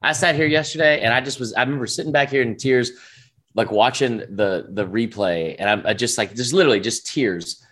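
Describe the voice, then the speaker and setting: A man's voice: medium pitch, fairly quick, fairly bright tone. A man hosting a casual show, reacting to fan voicemails with laughter and swearing. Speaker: host.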